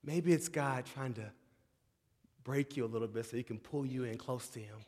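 Animated preacher man in a reverberant hall. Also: mid-range voice, moderate pace. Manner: swings from shouting excitement to hushed, tender tones; calls out to the audience as "y'all". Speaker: pastor. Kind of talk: sermon.

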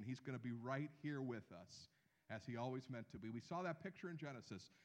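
A man in his thirties preaching a sermon, animated, with slow emphatic phrases and drops to near a hush. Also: medium pitch. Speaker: pastor.

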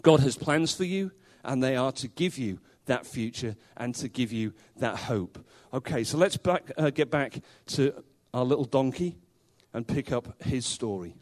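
A man's voice: medium pitch, animated, a little slow. A man preaching a sermon earnestly and emphatically, repeating key words for weight.

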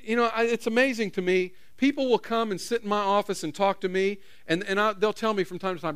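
Middle-aged pastor, high voice, chatty sermon style, talks straight to the pews. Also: male voice, quick pace, hardly any pauses, clear, resonant tone. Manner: conversational, repeats phrases, questions the audience. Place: church.

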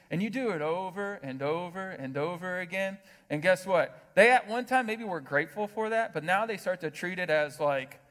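A man preaching a sermon as pastor, animated, asking the congregation rhetorical questions. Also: high-pitched. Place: church hall with long reverb. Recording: reverberant hall sound.

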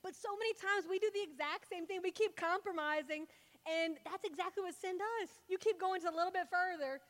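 A woman's voice: extremely high pitch, a little fast, fairly bright tone. A young woman gives a casual Bible talk. She talks in a loose, chatty storytelling way, full of fillers. Her voice trails off into a long reverb, as in a large hall. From Louisiana.

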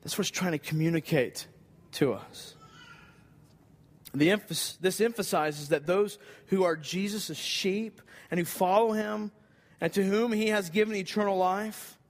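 A man's voice: sits high, measured pace. A man preaching a sermon, earnest and emphatic, repeating key phrases for weight. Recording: long hall reverb.

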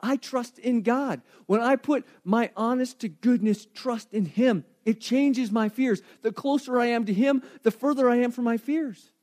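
A man preaching a sermon as pastor, telling stories with animated swings and dropping to a quiet voice for emphasis. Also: very high voice, unhurried, few pauses.

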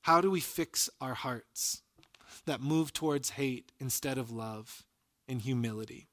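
A man preaching a sermon as a pastor, retelling scripture stories in an earnest voice and dropping soft and low for quoted lines. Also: measured pace.

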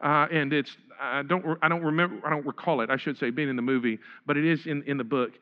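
A man preaching a sermon as pastor, animated, repeating words and acting out the quotes he reads. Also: a little high, fast, lo-fi sound.

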